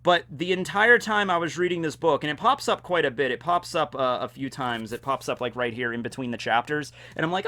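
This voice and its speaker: Man, video host, casual commentary, jokey, slightly high voice. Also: a little fast, hardly any pauses. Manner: animated and jokey, with fillers. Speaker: YouTube host.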